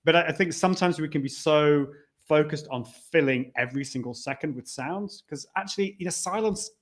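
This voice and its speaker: A talkative man hosting a live stream, his voice sitting a little high for a man. He chats loosely with his guest, trips over the start of sentences, and reads viewer comments aloud. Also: brisk. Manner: chatty, restarts, reads out comments. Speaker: host.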